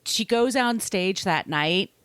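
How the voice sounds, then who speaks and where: A woman's voice: medium pitch, lively intonation, slow, a bit bright, clean tone, dry recording, studio quality. Chatty woman telling a true-crime story. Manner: chatty, swears freely, laughs often. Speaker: podcast host.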